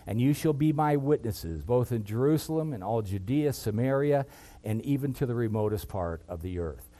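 A man preaching a sermon, reading scripture and building to loud, impassioned peaks before dropping low and quiet. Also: lively intonation, moderate pace. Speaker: pastor.

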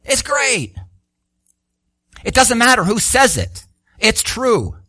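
A man preaching a sermon, animated and full of rhetorical questions, acting out the voices he quotes. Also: very high-pitched, takes it slowly, dry recording, clean studio sound.

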